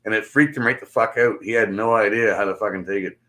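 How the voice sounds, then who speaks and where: A middle-aged man hosts a casual livestream and rants at his viewers. His voice sits fairly low, and he swears at almost every turn. He breaks into laughter as he tells his stories with big, animated energy. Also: fast talker. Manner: profane, animated storytelling with laughter. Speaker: livestream host.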